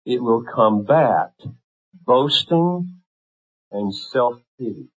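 A man preaching a sermon with impassioned intensity, swinging from fervent, rising pleas to hushed, quiet emphasis. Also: medium pitch, lively intonation, extremely slow, breathy edge, highs cut off.

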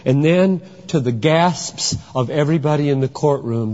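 A man's voice: mid-range voice, moderate pace, few pauses, darkish tone. A man preaching a sermon, emphatic and dramatic, acting out courtroom scenes as he teaches. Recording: echoey hall, dull lo-fi sound.

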